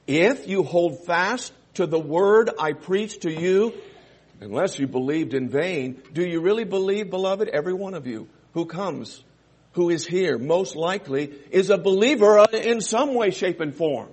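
A man preaching a sermon, reading scripture and explaining it, with loud emphatic stresses and quieter asides. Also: high voice, expressive, measured pace, breathy edge. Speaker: pastor.

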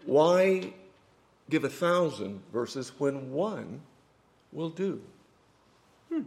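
A man preaching a sermon, telling a story with dramatic swings from hushed asides to loud emphatic points. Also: a little high, big pitch swings, very slow, vocal fry.

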